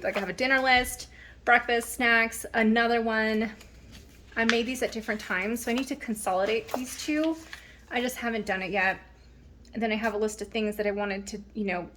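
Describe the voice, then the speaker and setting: A woman in her thirties talks through her planner at home in a relaxed, rambling vlog style. She fills pauses with ums and restarts her sentences. A faint hiss sits under her mid-pitched voice. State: slightly out of breath. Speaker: planner vlogger. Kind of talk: casual show-and-tell vlog.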